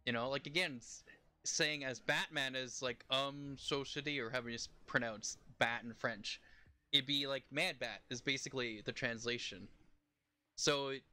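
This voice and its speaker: Rambling, chatty young man, bright voice. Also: mid-range voice, moderate pace. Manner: rambling, chatty, laughs often. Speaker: game streamer. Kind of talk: casual live-stream chat while playing.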